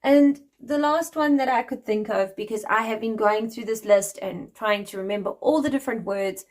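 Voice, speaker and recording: A woman's voice: a little high, normal speed. Chatty South African woman vlogging. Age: 40s. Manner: friendly and chatty, laughs lightly. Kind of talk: casual explanatory vlog.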